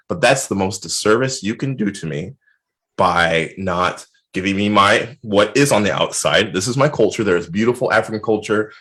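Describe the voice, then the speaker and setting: A man speaking as a guest in a casual video-call chat, earnest and animated as he acts out what other people said to him. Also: fairly low pitch. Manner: earnest, animated retellings with lively quoted voices.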